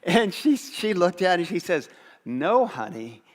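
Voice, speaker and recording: A pastor delivering a sermon in a fairly high voice. He tells a self-mocking story with comic timing. His words ring with the long reverb of a church auditorium. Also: moderate pace.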